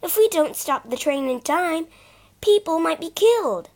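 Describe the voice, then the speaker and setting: A brave older sister, earnest and soothing, as a woman reader puts her on. Her high voice moves slowly and kindly through the storybook lines. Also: expressive, darkish tone, exaggerated voice. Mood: earnest caring. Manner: earnest and comforting.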